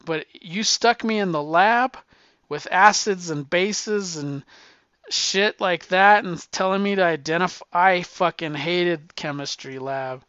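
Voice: mid-range voice, slow pace, a bit bright, clear, resonant tone, no room sound. A person in their fifties talking candidly in a rambling, profane monologue, with frequent restarts and sounding slightly winded. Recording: dull lo-fi sound.

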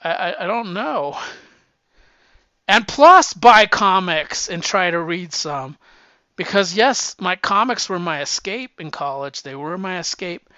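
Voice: mid-range voice, animated, a little slow, bright, forceful tone, no echo. A person in their fifties talking candidly in a rambling, profane monologue, with frequent restarts and sounding slightly winded. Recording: dull lo-fi sound.

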